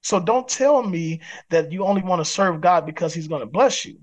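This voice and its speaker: High-voiced emphatic preaching man. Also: expressive, normal speed. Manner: acts out quoted people in other voices. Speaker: pastor and guest. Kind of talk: podcast interview.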